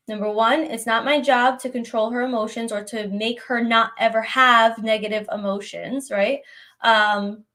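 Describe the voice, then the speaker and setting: Woman, young adult, live Q&A host, somewhat high voice, conversational, reassuring. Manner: conversational, gently reassuring, often asks "right?". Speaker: host answering viewer questions. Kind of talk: live Q&A advice stream.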